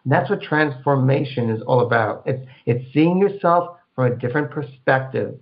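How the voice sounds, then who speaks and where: A man's voice: mid-range voice, expressive, normal speed. Rambling spiritual radio host, a man. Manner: rambling, repeats words, acts out inner voices. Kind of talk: call-in radio advice. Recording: dull lo-fi radio sound.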